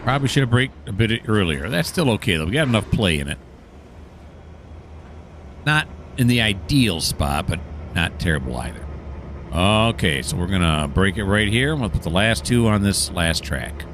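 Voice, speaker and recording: A man's voice: lowish voice, sing-song, moderate pace, noisy background. A man casually commentating his train-simulator play, chatty and mildly sarcastic, talking to himself and the game. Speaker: gaming channel host.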